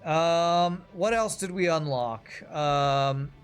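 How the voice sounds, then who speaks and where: A man from Texas chatting casually while streaming a game, thinking aloud and trailing off with fillers. His voice sits fairly high for a man, with faint music underneath. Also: slow pace, smooth. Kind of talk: casual gameplay commentary.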